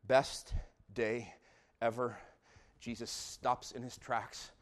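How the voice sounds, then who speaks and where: A man preaching a sermon with great passion, moving between hushed, intimate lines and loud shouts. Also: medium pitch, fairly even intonation, takes it slowly. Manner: impassioned, swings from hushed to shouting. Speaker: pastor.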